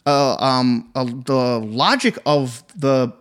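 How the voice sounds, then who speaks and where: A man in casual conversation about films, talking haltingly with many fillers and restarts. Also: medium pitch, a bit bright, smooth. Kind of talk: casual chat.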